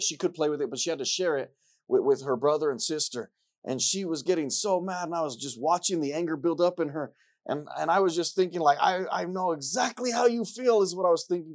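Guy preaching, kinda high voice, repeats stuff, gets loud then quiet again. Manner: repetitive, rising from quiet to loud. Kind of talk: sermon.

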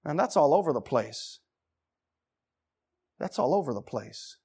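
A man preaching a sermon with passion, firing rhetorical questions, shouting at the peaks and dropping to hushed tones. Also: on the high side, sing-song, unhurried, creaky, breathy edge.

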